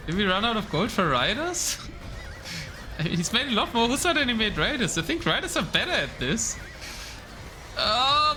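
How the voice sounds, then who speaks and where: A man's voice: sits high, pushed and bright, slight background noise. A young man casting a strategy game live, with casual play-by-play that drifts into chatting with viewers. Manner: casual, chats with the live chat between calls. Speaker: esports caster.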